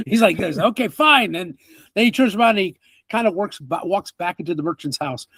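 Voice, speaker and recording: A man narrating as game master of a tabletop game, animated and laughing, with casual fillers. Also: high-pitched, brisk, no room sound.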